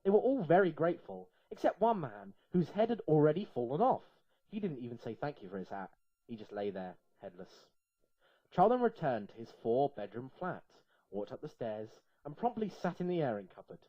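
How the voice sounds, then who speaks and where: Male reader for an absurd comic story, playful and lively, animated pitch, dull lo-fi recording. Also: a little fast, no room sound.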